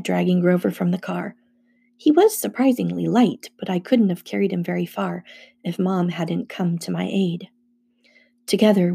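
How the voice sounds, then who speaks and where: A woman narrating a first-person adventure novel aloud in a steady storytelling manner. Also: on the low side, creaky, husky. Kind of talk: audiobook reading.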